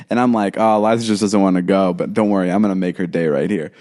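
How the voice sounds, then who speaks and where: A young man co-hosting a podcast, telling a story in casual chat, acting out quotes in a higher voice with lots of fillers and restarts. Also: steady tone, fast talker, hardly any pauses, darkish tone. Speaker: podcast co-host.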